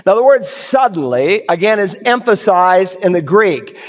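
A male pastor delivers an animated sermon, his voice pitched high for a man. He tells stories and acts out bewildered churchgoers. The sound carries a long reverb from a large hall. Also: a little slow.

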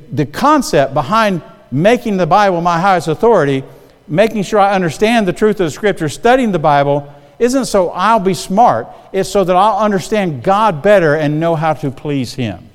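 A man's voice: high-pitched, expressive, normal speed, in a large hall. An older man preaching a sermon in a church, talking conversationally and often checking in with the congregation. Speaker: guest preacher.

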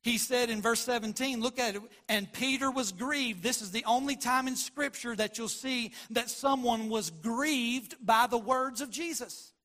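A man preaching a sermon, swinging between loud emphatic lines and quiet murmurs, and acting out Bible dialogue. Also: unhurried, hardly any pauses. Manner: preaching with big swings in loudness, from near-shouts to low murmurs; acts out Bible dialogue in quoted voices. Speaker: pastor.

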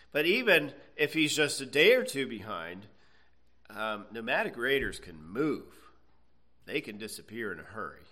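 Bright-voiced male Bible teacher. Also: mid-range voice. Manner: conversational, checks in with frequent "okay"; reads scripture aloud then explains.

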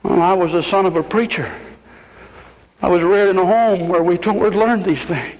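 A man's voice: normal speed, a little mellow, long reverb tail, poor audio. An older man preaching an impassioned sermon from the pulpit, recorded as an old radio broadcast. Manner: impassioned preaching, rising to high exclamations. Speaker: pastor. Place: church.

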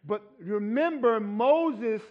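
A man's voice: high-pitched, animated, takes it slowly, highs cut off. A man preaching a sermon in a conversational teaching manner, often checking in with the listeners by asking "right?". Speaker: pastor.

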